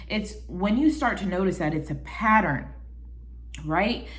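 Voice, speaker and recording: A woman's voice: mid-range voice, a little slow. Chatty woman giving casual advice. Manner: chatty, animated, quotes people in little voices; calls the listener baby. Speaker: vlogger giving life advice. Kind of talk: casual talk to camera.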